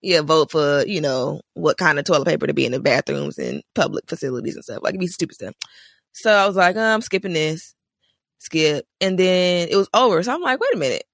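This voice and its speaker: A woman co-hosting a podcast, telling stories in an animated way, laughing often and acting out quotes. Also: low-pitched, fairly quick, gravelly, no room sound, studio quality. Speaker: podcast co-host. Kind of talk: casual podcast chat.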